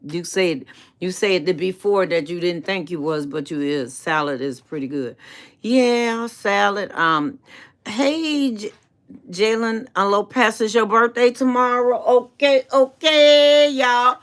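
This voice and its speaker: Slow, bright-voiced middle-aged woman host. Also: medium pitch. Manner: affectionate, calls viewers baby; chatty and rambling, with faith-based encouragement. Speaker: channel host. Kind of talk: casual live-stream chat answering viewers.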